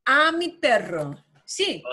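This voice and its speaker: A woman teaching a beginner Spanish class. She speaks slowly and patiently, in a bright, fairly high voice. She explains grammar with playful, homely comparisons. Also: very animated, breathy edge.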